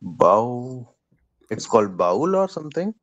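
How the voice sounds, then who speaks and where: A man's voice: medium pitch, very animated, slow, dull audio. A man student in an online language class, reading words aloud with hesitation and some uncertainty. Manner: hesitant, unsure.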